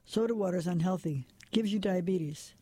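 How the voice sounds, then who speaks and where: A man voicing a gruff, matter-of-fact mustached barroom informant. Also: sits high, moderate pace, dark tone, dry recording. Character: mustached middle-aged male barroom informant.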